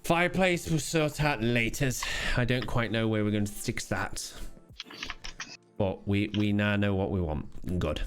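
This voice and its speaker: A man's voice: lowish voice, a little slow. A man streaming a game, chatting casually with swearing and mock outrage. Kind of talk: casual live-stream chat while gaming.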